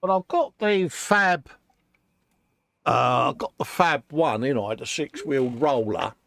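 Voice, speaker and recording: British male co-host, gravelly and animated, reads chat aloud, calls everyone mate, dry close mic. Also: medium pitch, unhurried, dry recording. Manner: chatty, calls people mate, laughs often. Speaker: co-host of a model-making live stream. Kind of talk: casual chat, reading out viewer comments.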